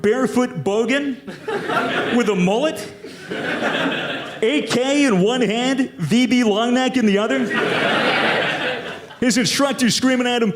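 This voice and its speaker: High-voiced comic, deadpan. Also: male voice. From United States. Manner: dark, deadpan joke delivery. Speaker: stand-up comedian. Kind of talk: stand-up comedy set. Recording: echoey room with loud crowd and noise.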